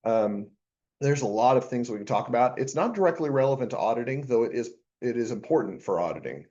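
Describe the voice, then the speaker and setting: In a lecture classroom, a man teaches a university accounting class, chatting and joking through plenty of asides before reaching the material. His voice is medium-pitched, expressive, fairly quick and a little mellow, though the audio sounds dull.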